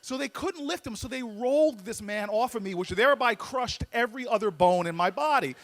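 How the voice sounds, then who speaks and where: A man giving a humorous storytelling speech as a guest speaker, animated and full of comic timing, often repeating words as he builds up. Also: very high voice, fairly quick.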